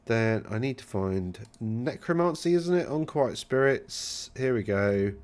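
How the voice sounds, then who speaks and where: A man's voice: medium pitch, expressive, a little slow, darkish tone. A man hosting a casual commentary, rambling, correcting himself and brushing things off with wry remarks. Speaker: channel host reviewing game rules.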